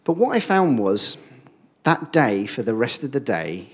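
A man, preaching a sermon and telling a personal story in a lively way, acting out the quoted speech. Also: medium pitch, a little slow.

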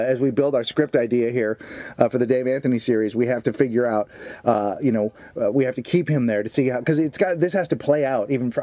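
A man's voice: mid-range voice, warm tone, dry recording. A man in his thirties co-hosting a podcast, rambling and joking in casual, profane banter, laughing easily. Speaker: podcast co-host.

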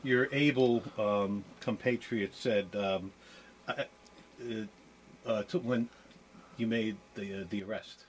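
A man's voice: fairly low pitch, steady tone, takes it slowly, long pauses, slight background noise. A middle-aged man co-hosting a casual chat, telling stories and laughing often. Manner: chatty storyteller, laughs often. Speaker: co-host.

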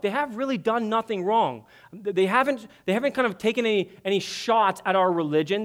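Guy w a high voice giving a sermon, earnest and chatty, keeps restarting words. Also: a bit bright. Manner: earnest, conversational preaching with repeated restarts. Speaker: pastor.

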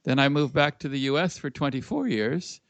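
A man from Los Angeles, a guest musician and speaker, telling a story over a video call in a measured way. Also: medium pitch, animated, no room sound, lo-fi sound. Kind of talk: storytelling in an interview.

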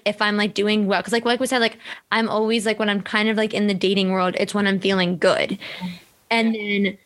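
A woman's voice: medium pitch, fairly bright tone. A young woman hosting a podcast, talking candidly in casual chat, full of fillers and the odd swear. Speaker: podcast host.

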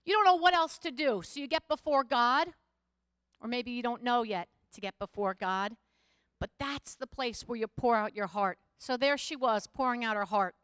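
Clear-voiced woman preaching a sermon. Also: on the high side, moderate pace, a bit bright, no echo, studio quality. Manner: conversational storytelling preacher, rising to emphatic exhortation. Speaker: pastor.

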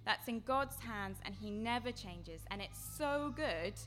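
A woman giving an earnest sermon-style seminar talk, her voice going from quiet to loud. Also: mid-range voice, lively intonation, a little slow, faint music behind. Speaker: seminar speaker.

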